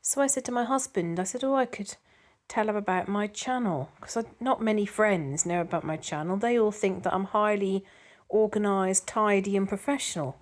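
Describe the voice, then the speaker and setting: A woman's voice: mid-range voice, moderate pace. A middle-aged woman chatting casually to camera as a vlogger, reading out viewer comments in a rambling way with frequent ums and restarts.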